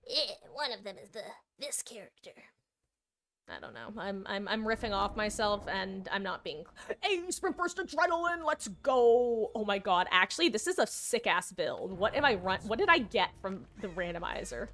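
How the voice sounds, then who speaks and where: A woman's voice: mid-range voice, sing-song, moderate pace, bright, forceful tone. A woman streamer chatting casually and playfully while she plays a game, rambling and correcting herself as she goes. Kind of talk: casual live-stream chat while gaming.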